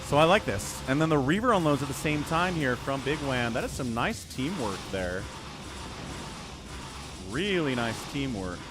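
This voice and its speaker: A man's voice: mid-range voice, animated, normal speed, music in the background. Chatty guy casting a strategy game, sarcastic banter w/ chat, voice bounces all over. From United States. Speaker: esports caster and streamer. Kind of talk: casual game commentary.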